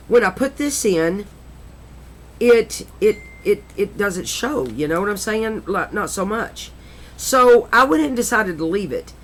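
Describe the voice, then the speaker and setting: A woman's voice: mid-range voice, lively intonation, normal speed. A middle-aged woman chatting casually and rambling a little as she flips through a handmade craft journal, often correcting herself. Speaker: crafter showing her journal.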